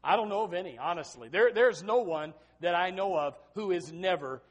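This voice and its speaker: Excitable preacher with a higher voice. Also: male voice, moderate pace, highs cut off. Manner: animated, swings between hushed scripture reading and loud exhortation; repeats words when starting sentences. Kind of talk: sermon.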